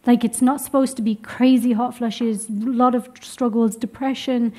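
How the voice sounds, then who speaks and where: Young woman workshop teacher, high voice, upbeat and encouraging with a room of students. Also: moderate pace. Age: young adult. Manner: lively, encouraging, laughs often. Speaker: womb health teacher. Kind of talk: workshop teaching to a live group. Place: room with a seated group.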